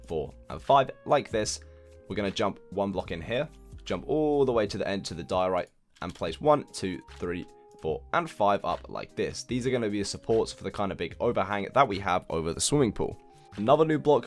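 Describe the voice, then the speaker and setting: A young man hosting a building game tutorial, chatting casually and poking fun at himself while counting blocks out loud. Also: sits low. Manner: chatty, self-deprecating, counts blocks aloud. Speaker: Minecraft building tutorial host. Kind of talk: casual gameplay tutorial commentary.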